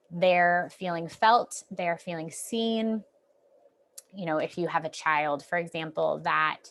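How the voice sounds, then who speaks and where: A young adult woman therapist giving an informal wellness talk, gentle and reassuring, with frequent ums and restarts. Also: fairly low pitch. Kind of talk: informal lecture.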